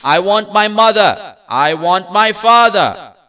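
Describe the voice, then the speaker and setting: A small lost boy from a storybook sobs for his parents, as a male narrator puts him on. The voice is pitched high, shrill and tearful, bright in tone. It sounds a little distant from the mic. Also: lively intonation, takes it slowly, heavily acted. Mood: wailing. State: crying.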